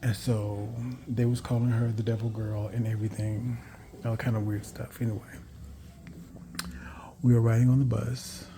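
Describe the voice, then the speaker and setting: A man's voice: on the low side, flat delivery, normal speed, long pauses. A man vlogging a candid personal story in a rambling, frank way, correcting himself and swearing casually.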